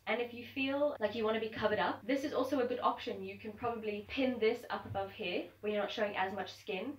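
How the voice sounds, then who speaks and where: Young woman vlogger, chatty and upbeat, kinda high voice, mic a bit far off. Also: quick pace. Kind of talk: casual to-camera chat. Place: at home indoors. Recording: roomy sound from a distance.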